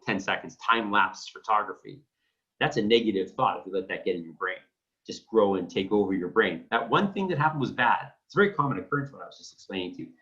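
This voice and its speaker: A man's voice: fairly low pitch, a bit bright. Emphatic blunt male coach, lo-fi. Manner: emphatic and blunt, acts out phone calls. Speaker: real estate coach. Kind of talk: coaching talk to realtors. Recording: dull lo-fi sound.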